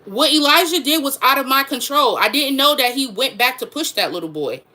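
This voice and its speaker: Frustrated woman with a bright voice. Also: sits high, fairly quick, few pauses. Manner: frustrated, emphatic, repeats herself. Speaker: mother, vlogger. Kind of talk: venting to camera.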